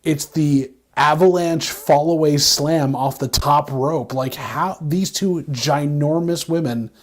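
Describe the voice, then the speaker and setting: A man with a fairly high voice co-hosts a casual recap chat. He rambles in an animated way, stumbling and restarting his sentences. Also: takes it slowly. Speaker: podcast co-host.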